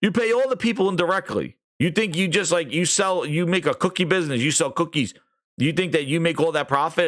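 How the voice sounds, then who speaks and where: A man's voice: on the high side, brisk, a bit bright. A man hosting a gaming podcast, ranting sarcastically, swearing and acting out mocking quotes. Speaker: podcast host. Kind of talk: ranting commentary.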